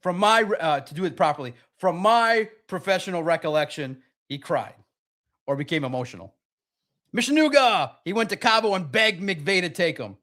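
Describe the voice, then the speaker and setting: Higher-voiced man ranting on a sports stream. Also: moderate pace. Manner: animated, sarcastic, rambling. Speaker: sports talk host. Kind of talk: live-stream sports talk, reading chat.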